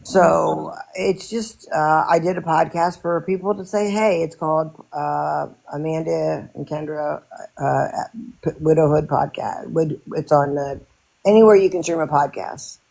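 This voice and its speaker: A woman talking casually in a live stream, telling her story in halting bursts with many restarts. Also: deep voice, gravelly, darkish tone. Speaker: podcast host and widow.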